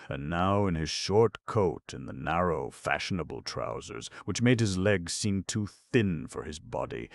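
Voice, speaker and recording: A male audiobook narrator with an extremely low, gravelly voice reads classic fiction in a measured, literary manner. The recording is dry and close, with no room around it. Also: no echo. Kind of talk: scripted narration.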